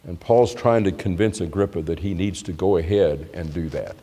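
A man's voice: low voice, moderate pace, warm tone, slightly rough. A man preaching a sermon in a church hall, explaining scripture in a conversational way with frequent restarts. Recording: long reverb of a church hall.

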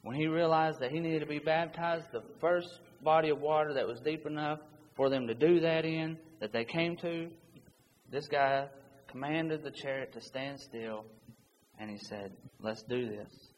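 A man's voice: fairly high pitch, normal speed. A man preaching a sermon, reading scripture aloud in an earnest, urgent manner. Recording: long hall reverb with faint background noise.

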